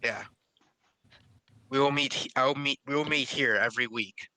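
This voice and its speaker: A man playing a character in a tabletop role-play over voice chat, talking eagerly with quick restarts. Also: medium pitch, bright, forceful tone, no echo, poor audio. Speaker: player.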